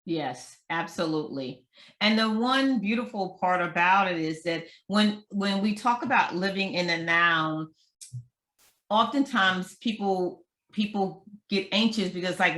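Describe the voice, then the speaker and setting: A woman's voice: mid-range voice, fairly bright tone. Emphatic woman author in echoey room. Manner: emphatic, repeats key lines slowly. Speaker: author, interview guest. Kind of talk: interview conversation.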